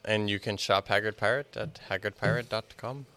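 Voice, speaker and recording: A man with a low but bright voice talks on a casual podcast, relaxed and joking, with some swearing. The sound is dry and close. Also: brisk, no echo. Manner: laid-back, joking, swearing. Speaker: podcast co-host.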